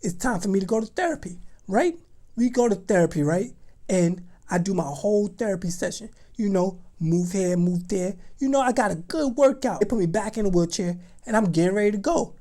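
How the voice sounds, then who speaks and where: A young adult woman telling a storytime vlog in an animated, slangy, dramatic way. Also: mid-range voice, a little fast. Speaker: vlogger.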